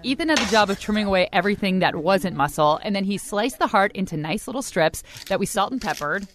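A woman narrating a cooking vlog in a chatty, relaxed storytelling voice-over. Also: mid-range voice, fast, background noise.

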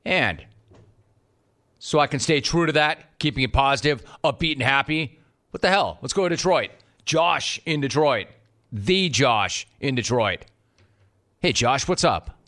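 A man hosting sports talk radio, taking calls with a sarcastic, rapid-fire manner. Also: medium pitch, animated, sharp tone. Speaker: radio show host.

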